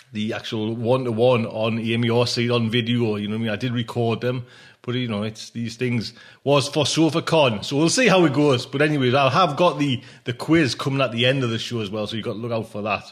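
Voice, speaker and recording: A man's voice: medium pitch, brisk. Male podcast host, casual, rambling, informal. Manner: rambling, informal, many fillers. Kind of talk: casual chat.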